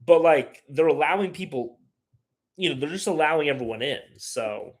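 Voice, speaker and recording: A man's voice: fairly high pitch, expressive, moderate pace. A man hosting a casual live stream, rambling and opinionated as he reads chat aloud and answers it. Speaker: livestream host.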